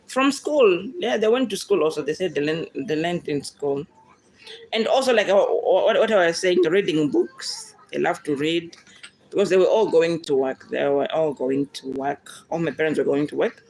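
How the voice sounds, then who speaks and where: A woman with a Zimbabwean accent whose first language is Shona, talking in a fairly low voice. She answers viewer questions in a relaxed, chatty way and speaks straight to her audience. She laughs easily as she goes, and a faint background hiss sits under her voice. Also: normal speed, poor audio. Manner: chatty, addresses viewers directly as "guys", laughs often. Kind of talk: casual Q&A vlog chat.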